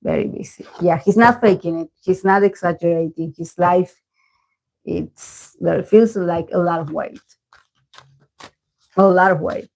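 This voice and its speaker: A woman's voice: fairly low pitch, measured pace, gravelly, pauses often, a little mellow, low-quality recording. Chatty woman tarot reader on a live stream. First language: Spanish. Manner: rambling, many fillers and self-corrections. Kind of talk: casual live-stream chat.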